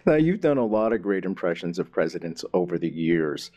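A man's voice: low voice, sing-song, fairly quick, dark tone. A man hosting an interview, asking questions with brief, eager reactions. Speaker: interview host.

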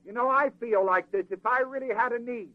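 A man preaching a sermon in a folksy, animated way, acting out the people in the scripture. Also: extremely high pitch, brisk, no echo, muffled recording.

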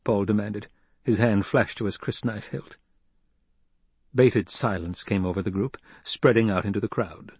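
A man narrating an audiobook in a measured, even delivery. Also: fairly low pitch, breathy edge.

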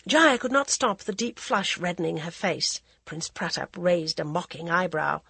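A woman narrating a novel in a measured, even audiobook style. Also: on the low side, creaky, slightly rough, no room sound.

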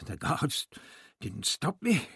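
A man's voice: mid-range voice, wildly swooping pitch, slow, gravelly, a bit bright, husky, no echo, clean studio sound, pitched above the performer's own voice, heavily acted. A man reading an audiobook, voicing a testy, sly elderly man with a wry, slightly breathless manner. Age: older. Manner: gasping, wry.

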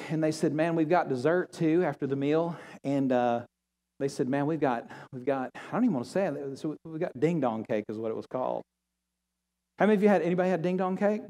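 A pastor preaches with lively storytelling, slipping into the voices of the people he quotes. His voice sits a little high for a man. The sound rings with the long reverb of a church hall. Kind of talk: sermon. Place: church sanctuary.

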